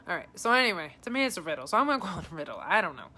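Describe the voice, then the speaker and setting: A woman psychic talks through a live-streamed reading with a bright, clear tone. She is chatty and informal and keeps calling viewers by name as she relays messages. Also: fairly low pitch, sing-song, racing, few pauses. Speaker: psychic advisor.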